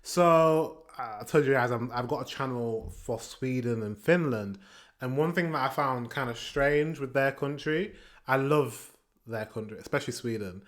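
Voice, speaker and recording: British man ranting on a reaction video. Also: medium pitch. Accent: British English. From England. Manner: animated, ranting, pauses to comment. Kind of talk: casual reaction commentary.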